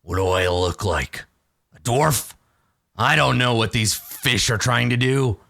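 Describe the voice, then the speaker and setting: A man voicing a surly male orc prisoner who answers gruffly and with contempt in a tabletop game. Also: medium pitch, measured pace, bright, forceful tone, exaggerated voice. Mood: scornful.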